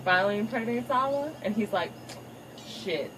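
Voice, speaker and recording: A woman's voice: medium pitch, lively intonation, normal speed. A woman casually retelling a cartoon movie as a crude comic recap, rambling and profane. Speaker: storyteller. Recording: faint noise, distant home mic.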